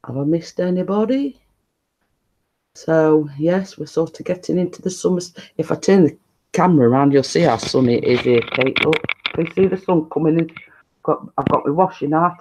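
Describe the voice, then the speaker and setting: A man chats on a live stream at home, keeping his voice down as he rambles on to viewers. He talks slowly, his tone mellow and unhurried, captured on a phone. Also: fairly high pitch. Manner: talking quietly, rambling and chatty. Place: living room at home, indoors.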